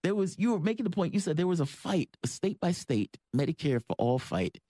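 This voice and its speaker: A man's voice: on the high side, sing-song, a little fast, dark tone, dry recording. A man hosting a radio interview show, chatting casually and rambling a little with fillers.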